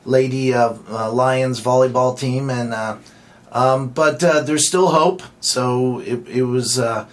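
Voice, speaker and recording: Hoarse young co-host, halting speech. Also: male voice, medium pitch, steady tone. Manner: halting, many fillers. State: hoarse from a cold. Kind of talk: college sports radio talk.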